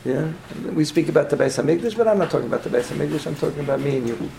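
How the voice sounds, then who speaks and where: A man with a gravelly, slightly raised voice teaches a Torah class over a faint hiss of background noise. He keeps posing questions to his listeners and repeats his points, tagging them with "yeah?". Hebrew and Yiddish words run through his English. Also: fairly high pitch, expressive, rapid-fire, mellow, rough recording.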